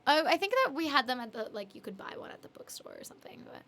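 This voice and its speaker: High-voiced giggly Canadian woman streamer. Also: wildly swooping pitch, fast, vocal fry, fairly bright tone. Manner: chatty, giggly, apologetic, lots of fillers. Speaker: streamer and singer-songwriter. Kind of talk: casual live-stream chat reading viewer comments.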